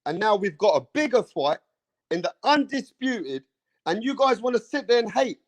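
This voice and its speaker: A man's voice: high voice, very animated, moderate pace. A man hosting a boxing channel, ranting hard at camera, swearing often and repeating himself. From England. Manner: fired-up, profane, repeats himself, keeps saying bro. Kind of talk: heated opinion rant to camera.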